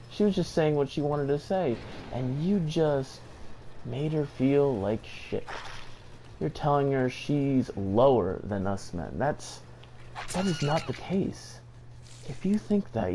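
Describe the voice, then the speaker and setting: A man's voice: medium pitch, a little mellow. A man, a gaming video creator, ranting casually and indignantly, rambling with lots of fillers and laughs. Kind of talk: casual rant to camera.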